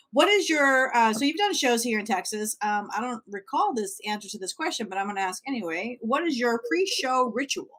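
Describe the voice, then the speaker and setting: Lively, high-voiced woman co-host. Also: moderate pace. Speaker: podcast co-host. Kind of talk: casual podcast interview.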